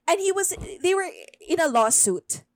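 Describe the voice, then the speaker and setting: A woman's voice: very high voice, lively intonation, normal speed, no room sound. A woman hosting a podcast, telling a folklore story in casual chat and switching into Tagalog mid-sentence. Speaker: podcast host.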